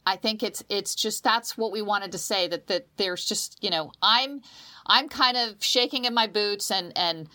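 A woman's voice: medium pitch, a little slow. A woman co-hosting a casual talk show, telling stories with emotion and often repeating words as she starts her sentences. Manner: emotional, animated storytelling with dramatic quoted voices. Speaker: podcast co-host. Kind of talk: casual chat.

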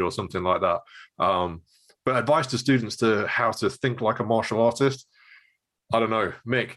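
A man's voice: fairly low pitch, moderate pace, fairly bright tone. A man who runs a martial arts gym, thinking aloud in casual chat with many fillers and restarts. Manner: reflective, hesitant, many fillers.

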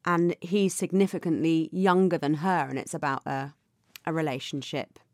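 A woman co-hosting a podcast in casual chat, upbeat and quick to laugh. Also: low voice, fairly even intonation, dry recording, studio quality. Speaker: podcast co-host.

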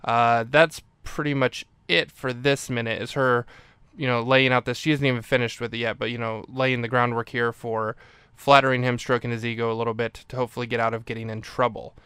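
A man's voice: mid-range voice, level tone, a little fast, bright, forceful tone, clear, resonant tone, no echo. Male podcast host, casual and self-correcting, with a clean, resonant voice on a dry close mic. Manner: rambling, self-correcting recap. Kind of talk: casual movie recap.

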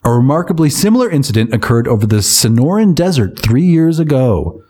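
A man's voice: mid-range voice, sing-song, brisk, mellow. A man co-hosting a podcast who reads news stories aloud and breaks in with sarcastic asides. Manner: sarcastic asides while reading. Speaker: podcast co-host reading news. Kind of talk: comedic news reading.

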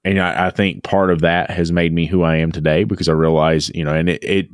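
A man's voice: low voice, flat delivery, fairly quick, no echo, studio quality. A man co-hosting a podcast, telling a long personal story in a reflective, repetitive way. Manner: reflective storytelling, repeats words as he thinks. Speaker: podcast co-host. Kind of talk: casual podcast chat.

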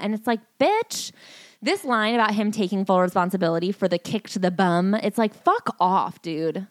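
A woman co-hosts a podcast, reading passages and mocking them with open disbelief. Her pitch sits in an ordinary middle range. The recording is close and dry. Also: animated, moderate pace, no room sound. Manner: mocking, incredulous. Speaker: podcast co-host. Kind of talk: reading aloud and commenting in casual chat.

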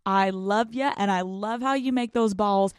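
A woman's voice: mid-range voice, measured pace, smooth, no echo, clean studio sound. A young adult woman hosting a podcast, telling a casual, jokey story with lots of swearing. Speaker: podcast host. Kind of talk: casual monologue with profanity.

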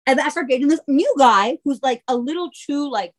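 A woman's voice: high voice, brisk. Profane, chatty woman spinning a wild story. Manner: profane, filler-heavy valley-girl talk. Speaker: podcast co-host. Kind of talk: casual comedic storytelling.

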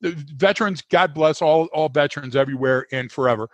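A man's voice: a little high, fast, no room sound. A man in a podcast conversation, explaining his views in an emphatic, lecturing way and asking rhetorical questions.

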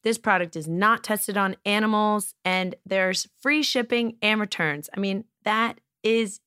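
Woman, podcast host, playful, jokey, smooth clear voice, dry close sound. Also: mid-range voice, a little slow, pushed and bright, dry recording. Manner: playful, jokey, laughs often. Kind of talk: casual chat and host-read ad.

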